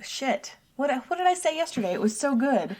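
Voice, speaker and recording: A woman's voice: high-pitched, sing-song, brisk, a little mellow. Chatty laughing woman podcast co-host. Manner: laughs often, self-deprecating, rambling. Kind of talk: casual chat.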